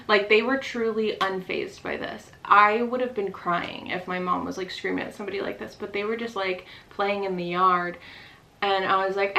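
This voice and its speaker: A woman vlogger telling a personal story in a casual, rapid style, full of "like" fillers. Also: medium pitch, a bit bright, low-quality recording.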